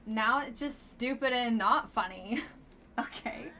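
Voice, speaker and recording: A woman streamer chatting her way through a dating game live, blunt and wry in her remarks. Her voice is bright and sits a little high, with a loose, offhand delivery. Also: slow pace, slight background noise. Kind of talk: casual live-stream commentary.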